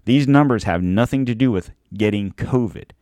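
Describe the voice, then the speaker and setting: Low-voiced sarcastic podcast host, man. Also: normal speed, dark tone, no room sound. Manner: sarcastic, emphatic, laughs at his own points. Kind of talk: casual monologue.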